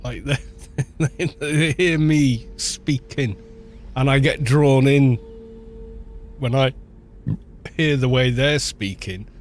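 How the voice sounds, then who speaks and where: A man's voice: medium pitch, slow, long pauses, a little hiss or hum. A man with a North Welsh accent, a streamer chatting casually and rambling with frequent restarts. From North Wales. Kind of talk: casual chat.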